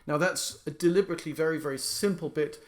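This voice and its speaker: A man's voice: fairly high pitch, fast. A middle-aged man giving an informal lecture as a musician, explaining by speaking out the stresses he describes. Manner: explains by demonstrating stresses aloud. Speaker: lecturer and violinist.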